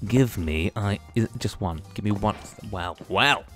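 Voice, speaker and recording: A man giving playful, excitable Let's Play commentary, chatting to the characters in his game. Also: on the low side, measured pace, faint music behind. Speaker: gaming YouTuber.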